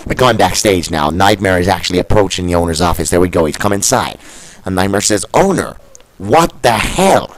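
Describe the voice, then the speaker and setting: Low-voiced blustery wrestling commentator man. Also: fairly even intonation, quick pace, a little hiss or hum, rough recording. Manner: blustery, cursing, openly siding with the owner. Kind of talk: scripted play-by-play commentary over a video game.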